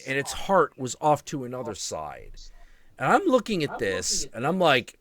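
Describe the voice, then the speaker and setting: Male host, slow and expressive, a foul-mouthed storyteller on a video call. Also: mid-range voice. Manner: animated storyteller, swears freely. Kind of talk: casual chat on a live stream.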